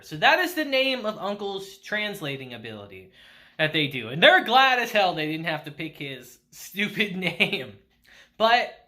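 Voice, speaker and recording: Lively, bright-voiced male anime reviewer. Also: sits high. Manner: animated, laughs often, acts out character lines. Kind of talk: casual episode recap.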